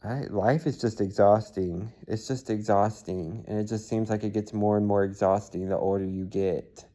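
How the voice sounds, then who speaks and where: A tired man speaks into his camera in a low, mellow voice that barely rises or falls. He talks in a halting way, restarting sentences and filling pauses, like a personal video diary. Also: fairly even intonation. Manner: halting, soft-spoken, many fillers and restarts. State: weary and tired. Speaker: vlogger.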